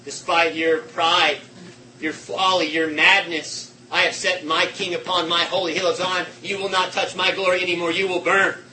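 A man preaching, voicing God as a stern, grave judge in a slow, deliberate manner. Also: sits high, little pitch movement, sharp tone, distant mic, slight background noise, rough recording. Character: stern almighty God pronouncing judgment.

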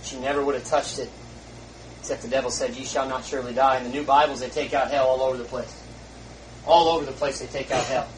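A man preaching a fiery sermon in a church, dropping to a hush and then rising to shouts. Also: on the high side. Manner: swings from hushed to shouting. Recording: distant mic, faint hiss.

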